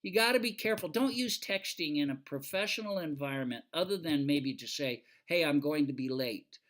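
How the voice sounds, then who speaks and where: A man's voice: fairly high pitch, animated, brisk, fairly bright tone. An older man, a retired fire engineer, giving a casual lecture full of folksy stories and fillers. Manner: folksy, anecdotal, with many fillers.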